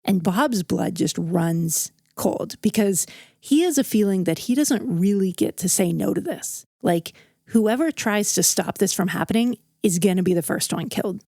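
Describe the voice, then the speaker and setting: Around an outdoor campfire, a woman tells a true story in a relaxed, chatty, vivid way, letting the tension build dramatically. Her voice is mid-pitched and moderately paced, recorded close to the mic with a dry sound and no echo.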